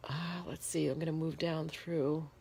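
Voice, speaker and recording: A vlogger in her bedroom, lying in bed with her phone in hand, makes a casual video diary while congested and shivering. She sits low in pitch with little movement, creaky and darkish, speaking plainly and unhurriedly with lots of detail over a slight hiss or hum.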